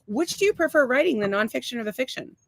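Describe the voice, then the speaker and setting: A woman's voice: high-pitched, animated, fast, vocal fry. A woman hosting a casual podcast interview, asking questions in a friendly, somewhat hesitant way. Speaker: podcast host.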